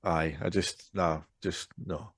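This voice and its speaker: A man, telling a lively, self-deprecating story on a casual podcast. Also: low voice, slow pace, no room sound, studio quality. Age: 40s. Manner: animated, self-deprecating, frequent restarts and laughter. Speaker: podcast co-host.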